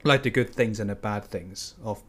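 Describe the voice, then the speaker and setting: A man with a fairly low voice talks about a book in a relaxed, casual way. He hesitates often, circling back and filling pauses as he works out his thoughts. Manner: hesitant, rambling with many fillers. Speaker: book discussion participant. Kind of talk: casual discussion.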